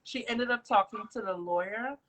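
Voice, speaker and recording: A woman's voice: medium pitch, moderate pace, fairly bright tone, rough recording. A woman from Trinidad, hosting a casual faith conversation and telling her own story with emphasis.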